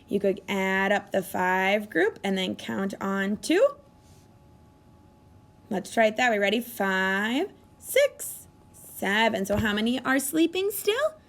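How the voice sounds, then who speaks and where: A woman teaching a math lesson to young children, speaking in an animated sing-song way and gasping with exaggerated delight as she coaxes answers from them. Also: mid-range voice, slow pace. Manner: coaxing, encouraging questions to children. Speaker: kindergarten teacher.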